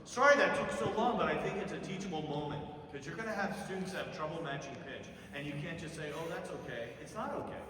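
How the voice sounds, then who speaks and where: A man's voice: on the high side, lively intonation, fast, hardly any pauses, noisy background. A man teaching a singing masterclass, opinionated and blunt, breaking into sung examples to make his points. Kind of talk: vocal masterclass coaching. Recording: echoey hall from far off.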